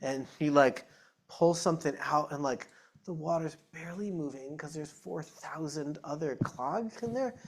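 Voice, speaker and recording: A man's voice: a little high, moderate pace. A man, a psychologist and author, answering audience questions at a live talk in a chatty, self-deprecating way. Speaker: author and psychologist being interviewed. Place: event room with live audience. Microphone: shared microphone.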